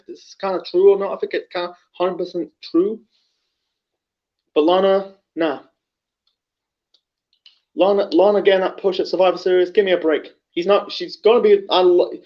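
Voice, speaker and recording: Profane ranting man, high voice. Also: lo-fi sound. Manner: profane, blunt, repetitive ranting. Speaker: wrestling commentary vlogger. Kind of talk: ranting solo commentary.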